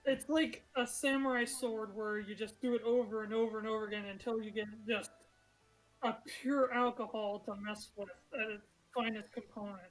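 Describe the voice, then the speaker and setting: Woman game master, fairly high voice, chatty and giggly narration full of fillers. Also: fairly even intonation, normal speed, faint music behind, poor audio. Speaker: dungeon master.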